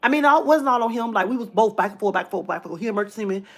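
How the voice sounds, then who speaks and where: A woman hosting her own livestream, telling a personal story in a lively, casual way, repeating phrases for emphasis. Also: mid-range voice, very fast. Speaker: livestream host.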